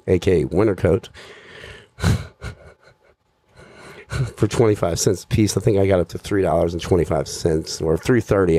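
A man's voice: deep voice, warm tone, no echo. A man doing profane stand-up storytelling, rambling and self-mocking, swearing constantly. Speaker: stand-up comedian.

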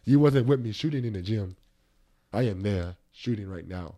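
A man's voice: on the low side, expressive, moderate pace, warm tone. A man hosting a podcast in casual chat, reflective and rambling, with many fillers and restarts. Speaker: podcast host.

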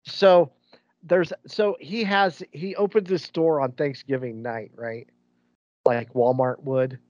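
A man's voice: a little high, steady tone, slow pace, darkish tone, no room sound, dull audio. A man co-hosting a podcast, rambling through movie recaps in casual chat and laughing as he goes. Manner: rambling, restarts, laughs while telling stories. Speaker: podcast co-host.

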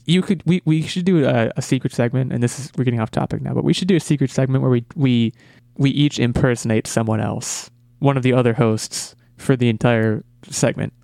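A man's voice: mid-range voice, fairly quick, vocal fry, hardly any pauses, darkish tone, no room sound, clean studio sound. Eager man who stumbles over words. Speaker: podcast host. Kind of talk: casual podcast movie chat.

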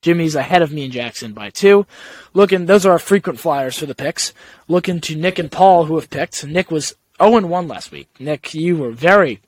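Young male host, high voice, dry close sound, teasing and in charge. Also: moderate pace, no echo. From Italian-American family. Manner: runs the segment, teasing. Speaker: podcast host. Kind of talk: casual sports chat.

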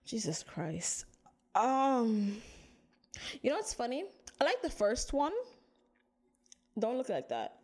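A woman co-hosting a podcast, talking in a loose, animated way with frequent laughter and casual swearing. Her voice sits fairly high. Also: slow pace, long pauses. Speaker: podcast co-host. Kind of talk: casual chat.

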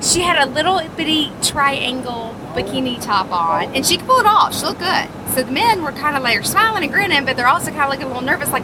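High-voiced woman telling a work story. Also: very animated, fast talker, hardly any pauses, background noise. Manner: chatty, laughs through the telling. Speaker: flight attendant guest. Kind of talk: casual anecdote.

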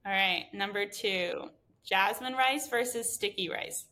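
Bright upbeat woman podcast host. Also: mid-range voice. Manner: upbeat, giggly, quick. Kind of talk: casual interview chat.

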